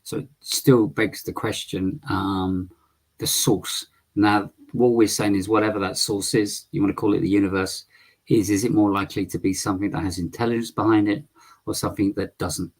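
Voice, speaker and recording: A man's voice: on the low side, steady tone, moderate pace. A man hosting a live call-in stream, polite and firm, with a lot of hesitant ums. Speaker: livestream host.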